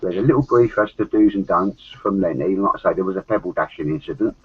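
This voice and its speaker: Cockney bloke nattering away on a podcast, low husky voice, muffled lo-fi sound. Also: male voice, fast talker. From London. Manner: chatty, rambling, swears and laughs often. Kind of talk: casual podcast chat. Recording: dull lo-fi audio.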